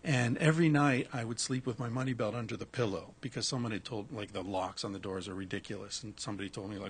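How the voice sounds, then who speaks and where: A man telling a personal travel story in casual conversation, animated, with frequent restarts and swearing. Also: on the low side, fast, few pauses, husky.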